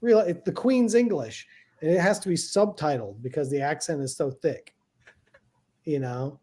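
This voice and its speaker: A man from Texas talks on a live stream over a video call, lively and fond of acting out other people's voices. His voice sits a little high and has a husky edge. It is relaxed, chatty guest talk. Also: moderate pace. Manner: animated storyteller who acts out quoted voices. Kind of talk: casual chat on a live stream.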